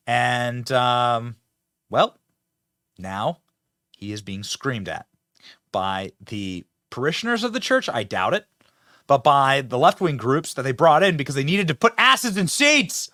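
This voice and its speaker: A man's voice: mid-range voice, big pitch swings, unhurried, sharp tone, no room sound, studio quality. A man hosting a mocking political commentary video, talking sarcastically and laughing at the clips he shows.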